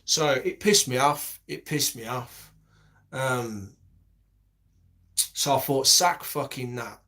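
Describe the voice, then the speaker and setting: A man's voice: medium pitch, slow pace, a bit bright. Sweary, rambling man. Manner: heavy swearing, rambling with many restarts. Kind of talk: casual rambling monologue.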